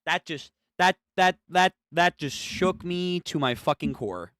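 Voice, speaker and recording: A young streamer reacting live to a manga, excitable and profane, often stammering and repeating words. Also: mid-range voice, unhurried, dry recording, clean studio sound. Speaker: streamer reading a manga aloud.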